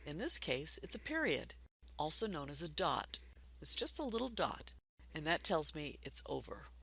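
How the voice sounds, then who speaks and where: A woman teaching a basic reading lesson for adults, patient and encouraging, speaking slowly and clearly. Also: low-pitched, very animated, fairly bright tone.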